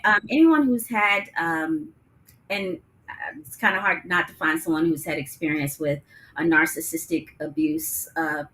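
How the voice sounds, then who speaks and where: A woman with a very low voice answers as a guest over a video call. She speaks haltingly and fills her pauses with ums and uhs. Faint noise hums in the background. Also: a bit bright, poor audio. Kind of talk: casual interview chat.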